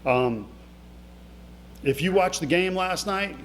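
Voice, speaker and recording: A man's voice: high voice, expressive, takes it slowly, a bit bright. A middle-aged man giving an emotional, conversational motivational talk in an event hall, speaking straight to his audience. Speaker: keynote speaker. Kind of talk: motivational storytelling speech. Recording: echoey hall with faint hum.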